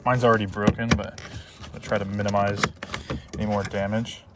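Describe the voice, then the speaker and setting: A man's voice: lowish voice, little pitch movement, moderate pace. A man hosting a casual DIY car vlog, talking loosely with many ums and restarts while working on a car in a garage. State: out of breath from working. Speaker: car channel host. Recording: distant mic with faint background noise.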